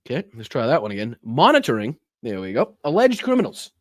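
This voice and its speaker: A man's voice: medium pitch, wildly swooping pitch, fast talker, a little mellow, no room sound, studio quality. A man reading out clips and ranting about them with heavy profanity. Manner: reads clips aloud, then comments. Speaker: political commentator. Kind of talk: profane reaction commentary.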